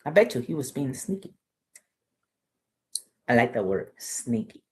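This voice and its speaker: A woman's voice: a bass voice, very animated, a little slow. A woman reading a children's book aloud, chatting and explaining words and lessons to young listeners. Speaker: storytime reader.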